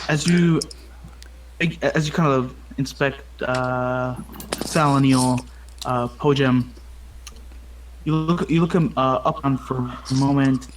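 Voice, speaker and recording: A man narrating as game master for a tabletop role-playing game, halting and full of restarts. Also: medium pitch, slight background noise, low-quality recording. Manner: halting, lots of ums and restarts.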